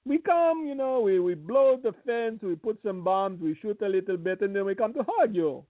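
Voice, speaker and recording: A high, sugary mock voice of male attackers, syrupy and sarcastic, as a man puts it on. It rises far above his usual pitch and comes over a tinny, phone-like line with a dry sound. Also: animated, normal speed, dry recording. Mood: mock sweetness. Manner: sarcastic, falsely sweet. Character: mocking caricature of male border attackers.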